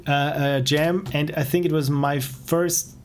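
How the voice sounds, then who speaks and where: A man's voice: a little high, fairly even intonation, a little slow, a little hiss or hum. A man casually commenting while playing indie games on a stream, enthusiastic and self-deprecating. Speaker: game streamer.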